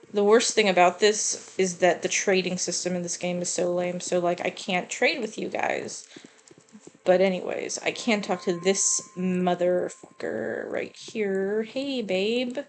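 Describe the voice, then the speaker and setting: A woman's voice: mid-range voice, slight background noise. A woman giving casual, chatty let's-play commentary, self-deprecating and swearing freely. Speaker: gamer playing through a game.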